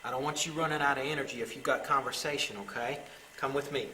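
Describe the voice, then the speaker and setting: A man working as a paranormal investigator, coaxing unseen spirits with gentle, pleading, repetitive talk inside a derelict island building. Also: mid-range voice, steady tone, fast, slight background noise, poor audio. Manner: gentle, pleading, repeats himself.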